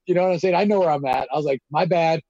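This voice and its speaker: A man, swearing and riffing through a story as he acts out the voices of the people in it. His voice sits a little high, and the recording is dry and dull, with a lo-fi edge. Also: racing, no echo. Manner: animated, acts out quotes, heavy filler and swearing. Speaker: guest telling prison stories. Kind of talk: casual storytelling chat.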